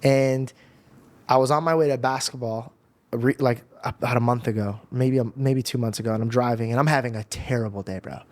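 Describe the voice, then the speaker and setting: A young man tells an emotional personal story in a casual, slangy way, like on a podcast. His voice sits at a middle pitch and is recorded up close and dry. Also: fairly even intonation, brisk, no echo. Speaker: podcast guest.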